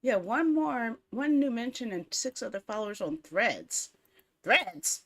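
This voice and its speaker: A woman streamer in casual live-stream chat, rambling and talking to herself as she fiddles with apps, quick to get exasperated and swear. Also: fairly high pitch, sing-song, fairly bright tone.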